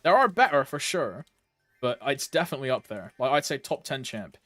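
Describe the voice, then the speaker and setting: A man's voice: medium pitch, big pitch swings, a little fast, fairly bright tone, no room sound, soft background music. A young man from Britain, chatting casually on a game stream, rambling with lots of fillers and humming to himself. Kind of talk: casual live-stream chat.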